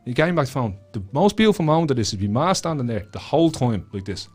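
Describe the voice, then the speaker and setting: A Dublin Irish man talks fast as a podcast guest, spinning an anecdote at a steady middle pitch. He swears freely and slips into the voices of the people in his story, with faint music underneath. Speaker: guest author. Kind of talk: animated storytelling.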